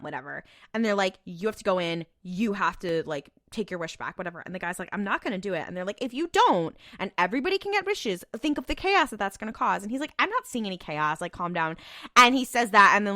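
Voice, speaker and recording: A woman's voice: medium pitch, lively intonation, fast, sharp tone, no echo. Chatty young woman, dry close sound. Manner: rambling, filler-heavy retelling with quoted voices. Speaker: podcast co-host. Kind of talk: casual recap chat.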